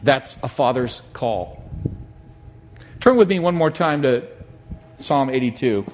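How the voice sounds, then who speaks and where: A middle-aged man preaching a sermon, telling a personal story in an animated, emphatic way. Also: mid-range voice, slow, a little hiss or hum. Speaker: pastor.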